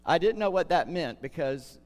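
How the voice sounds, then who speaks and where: An older pastor preaches in a hall with long reverb, his voice sitting a little high for a man. He speaks earnestly and slows down to lean on the words that matter. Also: animated. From United States. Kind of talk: sermon.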